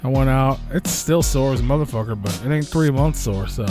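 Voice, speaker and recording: A man's voice: mid-range voice, brisk, music in the background. A man co-hosting an online radio show, casually swearing while telling a story. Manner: swearing, laid-back storytelling. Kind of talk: casual chat.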